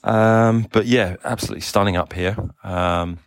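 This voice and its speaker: Low-voiced man with a mixed English accent. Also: normal speed, no echo. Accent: mixed Australian, South African and English. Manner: relaxed, rambling, many ums and uhs. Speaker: cycling team manager. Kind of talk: casual audio diary.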